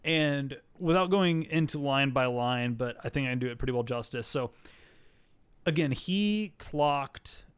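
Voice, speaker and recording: A man's voice: medium pitch, expressive, measured pace, clean tone, no echo. A man co-hosting a podcast, casually recapping a TV episode in a rambling, filler-heavy way and acting out the characters' lines as he goes. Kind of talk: casual chat.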